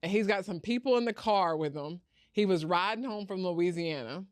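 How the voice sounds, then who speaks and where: A woman's voice: lowish voice, moderate pace, no room sound, clean studio sound. A young adult woman, a startup founder telling her story in an interview and acting out the voices of others. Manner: animated, acts out quoted voices.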